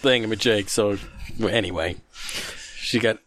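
A man's voice: lowish voice, normal speed, fairly bright tone. A man co-hosting a podcast, chatting casually and rambling with many restarts. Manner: rambling, restarts and filler words. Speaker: podcast co-host. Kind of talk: casual chat.

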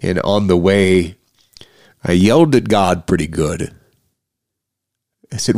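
Low-voiced middle-aged man, earnest and halting. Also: a little mellow, no room sound, studio quality. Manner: earnest, halting, with frequent restarts. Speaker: podcast host. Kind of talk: personal podcast monologue.

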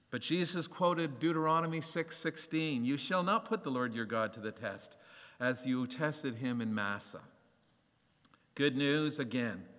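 A man preaching a sermon, animated and acting out the voices of scripture as he reads. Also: mid-range voice, long reverb tail.

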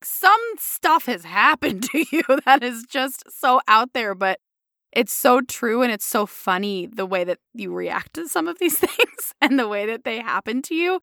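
A woman's voice: on the high side, expressive, measured pace, gravelly, sharp tone, no echo, clean studio sound. A young woman in casual chat, reacting with laughs and sympathy to a friend's story.

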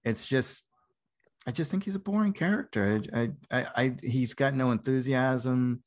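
A man's voice: mid-range voice, moderate pace. A man chatting casually as a podcast co-host, blunt and opinionated, often laughing mid-sentence. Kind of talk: casual film chat.

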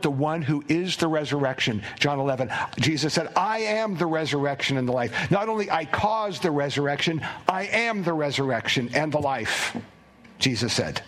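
A man's voice: fairly high pitch, lively intonation, normal speed, fairly bright tone. A man, a pastor, preaching a conversational sermon, often restarting his phrases and dropping to a near whisper for quoted words.

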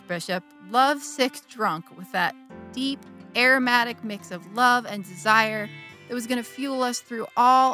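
A woman's voice: medium pitch, pushed and bright. An actress playing a middle-aged churchgoing wife who confesses an affair to her bishop, wry and candid, with sudden bursts of feeling. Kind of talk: dramatic monologue.

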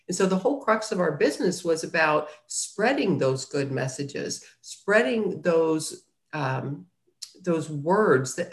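A woman publisher talking earnestly as a guest in an interview. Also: deep voice. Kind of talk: casual interview talk. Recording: roomy echo.

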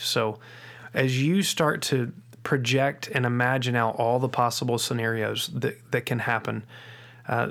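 A middle-aged man hosting a faith-based parenting podcast, speaking earnestly, repeating key phrases slowly for emphasis and often restarting his sentences. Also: mid-range voice, creaky, a bit bright. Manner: frequent restarts and doubled words. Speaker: podcast host.

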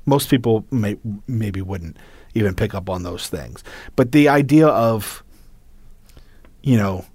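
A man with a fairly low voice talks through details in a calm, measured way. His phrases drop off and fade at the end. The recording is dry and close. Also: husky, no echo. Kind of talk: casual chat.

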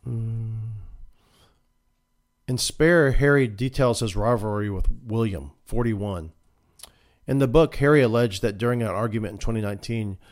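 A male podcast host works through the day's headlines, reading passages straight and then undercutting them with dry sarcasm. His voice sits at an ordinary middle pitch for a man. He sounds like a regular commentator talking to his listeners. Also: a little mellow. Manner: sarcastic, mock-emotional asides. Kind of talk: political commentary, reading news aloud. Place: Florida.

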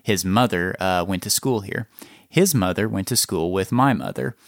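A man's voice: low-pitched, expressive, moderate pace, dry recording. A man from Oklahoma co-hosting a film podcast, talking with dry, sardonic wit. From Oklahoma, USA. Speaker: podcast co-host. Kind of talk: casual film discussion.

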